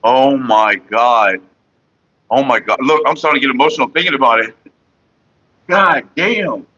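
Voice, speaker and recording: This vlogger's voice is medium-pitched and his speed normal, though the recording sounds muffled. During his morning livestream he chats with viewers and his partner in a loose, foul-mouthed ramble, now and then singing loudly off-key.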